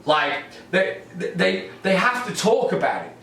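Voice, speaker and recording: A man's voice: high voice, animated, measured pace, gravelly, a bit bright, distant mic. A man with an English accent performing a stand-up comedy routine, ranting with frequent ums and repeated words. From England. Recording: roomy echo, off-mic, faint ambience.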